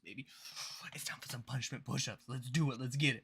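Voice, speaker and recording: A man's voice: medium pitch, fairly even intonation, fast, fairly bright tone, a little hiss or hum. A man hosting a casual gameplay livestream, chatting playfully and with hype to his viewers. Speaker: streamer and channel host.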